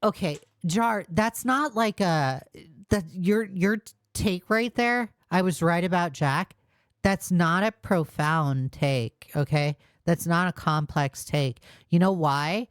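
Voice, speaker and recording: A woman's voice: lowish voice, slow, no room sound, clean studio sound. A woman hosting a casual reaction commentary, sounding exasperated and rambling, often restarting her sentences. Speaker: commentary host.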